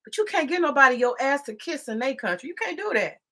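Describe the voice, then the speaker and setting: A woman's voice: sits high, big pitch swings, fast, fairly bright tone. A woman commentator ranting heatedly in a casual monologue, profane and scolding, repeating herself as she gets worked up. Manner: repetitive, scolding. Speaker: political commentator.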